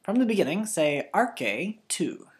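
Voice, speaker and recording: A woman teaching a children's language lesson, patiently slowing words down for pupils to repeat. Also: fairly low pitch, very animated.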